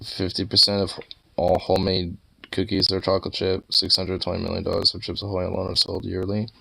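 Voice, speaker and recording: A man's voice: low-pitched, completely flat delivery, a little fast, vocal fry, bright, forceful tone, a little hiss or hum, poor audio. A young man streaming, chatting casually, cursing a lot and laughing as he scolds and teases his dog. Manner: rambling, swears a lot, laughs often. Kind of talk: casual chat.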